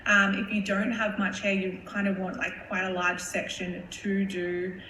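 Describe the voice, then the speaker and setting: A woman's voice: mid-range voice, flat delivery, unhurried, pushed and bright. A woman hairstylist giving a chatty live-stream tutorial, explaining step by step while she works, with plenty of fillers. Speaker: hairstylist educator. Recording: roomy with faint background hum.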